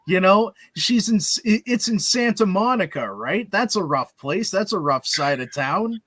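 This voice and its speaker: A man's voice: high voice, expressive, normal speed, a bit bright, no room sound. A man co-hosting a casual movie chat, arguing his point in a jokey, mock-serious way. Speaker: podcast co-host.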